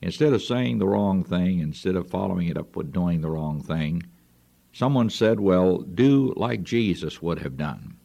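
Deep, gravelly radio preacher man. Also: animated, measured pace, mellow. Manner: earnest, folksy preaching with sweeping pitch. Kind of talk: radio sermon.

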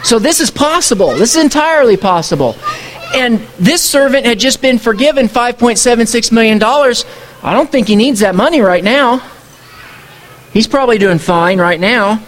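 Male pastor, high voice, conversational sermon full of rhetorical questions. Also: expressive, moderate pace.

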